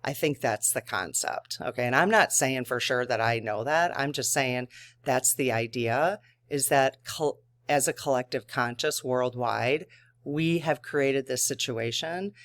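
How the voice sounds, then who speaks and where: A man's voice: mid-range voice, a little slow, fairly bright tone. A man hosting a spiritual channel, talking casually and earnestly to his viewers, thinking aloud with frequent restarts.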